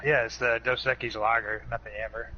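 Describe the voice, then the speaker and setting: Man, podcast co-host, dry blunt remarks, casual, mid pitch, muffled lo-fi recording. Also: level tone, a little fast. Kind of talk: casual chat. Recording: dull lo-fi audio with noise behind.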